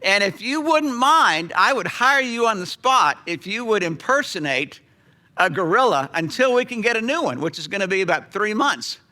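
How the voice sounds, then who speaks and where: A man voicing an eager female zoo hiring manager who talks in a hurried, pleading way. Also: high-pitched, sing-song, pushed and bright, heavily acted. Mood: coaxing.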